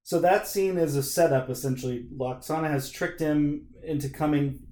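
Guy hosting a podcast, higher-ish voice, animated, acts out lines, echoey room. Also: normal speed. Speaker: podcast host. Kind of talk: casual chat.

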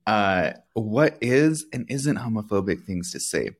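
A man's voice: lowish voice, big pitch swings, a little slow. A man co-hosting a casual podcast chat, making wry, playful asides. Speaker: podcast co-host.

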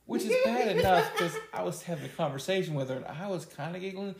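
A man's voice: high-pitched, quick pace, gravelly, slight background noise. A man co-hosting a podcast, joking around and telling stories with frequent laughs. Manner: jokey storyteller, laughs often. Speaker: podcast co-host. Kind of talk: casual podcast banter. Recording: echoey room.

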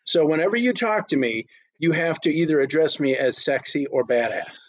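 A man's voice: on the high side, lively intonation, moderate pace, dry recording. A middle-aged man co-hosting a casual podcast chat, ranting with profanity and exasperation. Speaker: podcast co-host.

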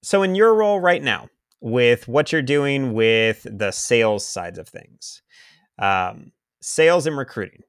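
A man hosting a podcast interview, his voice sitting low. He builds his questions slowly, with pauses and restarts. The sound is dry and close to the mic. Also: fairly bright tone, smooth, no echo. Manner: hesitant, many fillers and restarts while framing questions. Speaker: podcast host.

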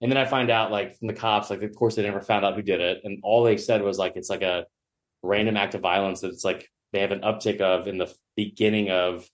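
A man from the sports media world, appearing as a podcast guest, moves fairly quickly through a long, casual story. Swearing and joking throughout, he brings the quoted people to life by jumping his pitch for each voice.

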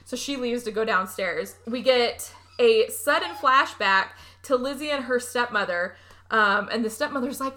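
A woman co-hosting a podcast, recapping a movie in casual chat, animated and laughing often as she acts out the characters' lines. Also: a little high, normal speed. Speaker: podcast co-host.

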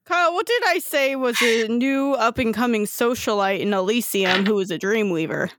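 A woman's voice: fairly high pitch, normal speed, noisy background. A woman running a tabletop game as game master, teasing and blunt with her players. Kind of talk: narrating a tabletop game over voice chat.

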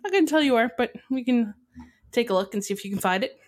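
A woman's voice: a little high, expressive, quick pace. Enthusiastic Canadian woman describing a place. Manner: enthusiastic, descriptive, frequent ums. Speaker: podcast co-host. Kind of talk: casual chat, describing a place.

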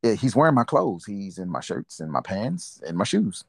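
A man's voice: on the low side, sing-song, normal speed, creaky, husky, no room sound. A middle-aged man, reflecting in a casual family interview and laughing often. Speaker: interviewee, father.

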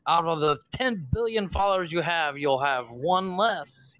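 A man's voice: fairly high pitch, a little slow, a bit bright, no room sound, low-quality recording. A man co-hosting a podcast, chatting casually with joking asides and short agreements. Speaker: podcast co-host. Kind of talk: casual banter.

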